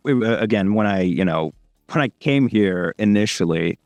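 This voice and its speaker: A man's voice: fairly low pitch, animated, moderate pace, darkish tone, dry recording. A young man from India with an American accent, a voice actor rambling casually with many fillers in an interview. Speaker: voice actor guest.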